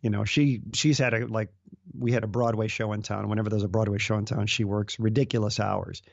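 A middle-aged man in casual conversation as a guest, talking in halting bursts with many restarts and fillers. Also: on the low side, fairly even intonation, creaky, no echo. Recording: dull lo-fi dry sound.

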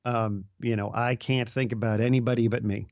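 A middle-aged man in casual conversation as a guest, talking in halting bursts with many restarts and fillers. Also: medium pitch, flat delivery, darkish tone, no echo. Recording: dull lo-fi dry sound.

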